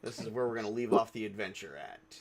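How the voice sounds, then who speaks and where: A man's voice: fairly low pitch, quick pace, crowd noise. A man running a tabletop game as game master, casual and a bit profane. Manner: casual, profane, laughs easily.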